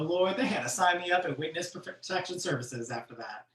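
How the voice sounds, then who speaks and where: A comedian telling stories on a virtual show, in an animated way with frequent laughs. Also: mid-range voice, fairly quick, few pauses, recorded from a distance. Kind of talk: stand-up storytelling on a virtual show. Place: room at home for a virtual show. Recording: echoey room, off-mic.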